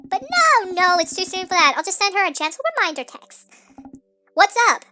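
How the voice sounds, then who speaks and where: A woman narrating a story game with jokey asides and tripping over words, with a sped-up, pitched-up nightcore effect. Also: sing-song, fairly quick, sharp tone, slight background noise. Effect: sped-up, pitched-up nightcore edit. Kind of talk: playthrough narration with commentary.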